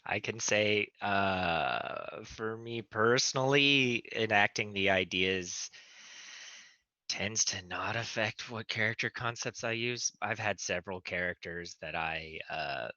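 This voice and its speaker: A man on a tabletop gaming panel chats casually, rambling and self-deprecating with plenty of fillers. His lowish voice is slow, pushed and bright, and the dry recording sounds dull and muffled.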